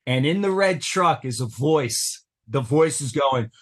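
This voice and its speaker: A man's voice: mid-range voice, expressive, measured pace, hardly any pauses, slightly rough. Earnest middle-aged man telling his story. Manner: earnest, intense retelling with acted-out quotes. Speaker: podcast guest. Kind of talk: personal storytelling in an interview.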